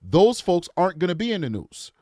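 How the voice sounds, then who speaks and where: Guy hosting a true crime stream, kinda high voice, rambly then gets heated, dry close sound. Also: sing-song, a little fast, warm tone, dry recording. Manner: chatty, rambling, goes off on impassioned tangents. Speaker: true crime show host. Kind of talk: live-stream commentary.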